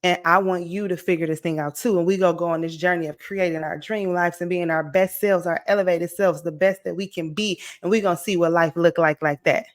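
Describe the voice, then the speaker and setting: A woman's voice: on the low side, brisk, hardly any pauses. Encouraging woman turning forty. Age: late 30s. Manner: energetic, encouraging, conversational with frequent "okay?" and "right?". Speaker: motivational vlogger. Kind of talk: casual motivational talk to camera.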